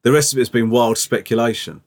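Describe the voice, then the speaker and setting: A man's voice: mid-range voice, fast talker. A man co-hosting a podcast, teasing his co-host in dry, casual chat.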